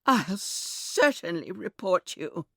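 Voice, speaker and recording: A woman voicing a frightened elderly woman in a storybook reading, speaking high and tremulous. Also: very animated, moderate pace, darkish tone, dry recording, clean studio sound. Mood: indignant. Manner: high, tremulous, rising to panicked screams. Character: frightened elderly woman dreaming of her toys.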